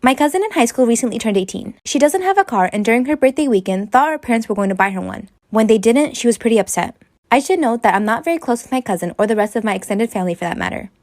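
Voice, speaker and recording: A woman in her late twenties reading a first-person story aloud in a brisk, even telling. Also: fairly high pitch, dry recording. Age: late 20s. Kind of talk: read-aloud storytime narration.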